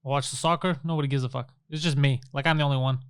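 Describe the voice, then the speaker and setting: A man's voice: mid-range voice, fairly even intonation, fast talker, clean tone, no echo, clean studio sound. A young man co-hosting a casual comedy podcast, profane and mocking, acting out quotes. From Canada. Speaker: podcast co-host.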